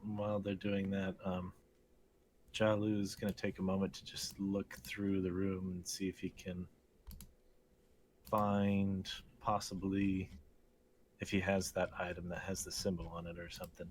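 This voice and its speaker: A man playing a tabletop game, hesitant and halting, with keyboard clicks faint behind. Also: low-pitched, completely flat delivery, slight background noise. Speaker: player. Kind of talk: casual tabletop play.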